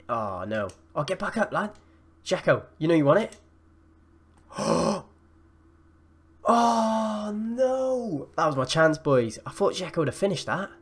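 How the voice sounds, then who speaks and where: A young man giving excitable live commentary over his own football video game matches, gasping and shouting at the plays. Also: mid-range voice. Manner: excitable, yells and gasps at plays. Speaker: gaming YouTuber.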